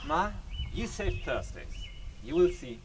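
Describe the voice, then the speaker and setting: A nervous young groom stammers out earnest lines, as a man plays him in an amateur stage play. His voice sits fairly high and swings widely. A faint hiss lies behind. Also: sing-song, slow.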